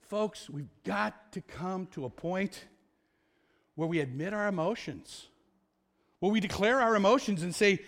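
A male pastor preaching a sermon in a conversational way, asking rhetorical questions and slowing down to stress key words. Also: high voice, fairly bright tone.

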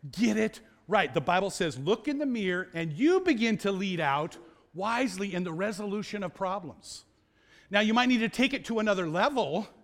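A male pastor preaching a sermon in a conversational way, asking rhetorical questions and slowing down to stress key words. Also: high voice, fairly bright tone.

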